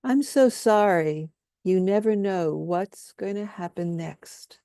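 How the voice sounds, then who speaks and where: A woman leading a guided healing workshop, speaking softly and soothingly as she has the group repeat statements after her. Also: medium pitch, animated, slow, dry recording, studio quality. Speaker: workshop leader.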